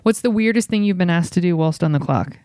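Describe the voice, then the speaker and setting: A podcast host tossing out quick, joking questions in a smooth, resonant voice. The sound is close and dry. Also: mid-range voice, lively intonation, mellow, no room sound. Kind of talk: casual interview.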